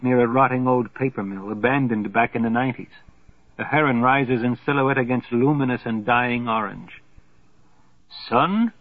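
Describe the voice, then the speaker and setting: A man narrating a literary novel as an audiobook in a measured voice that grows hushed in somber passages. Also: mid-range voice, dry recording. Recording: tinny phone-like sound, dry.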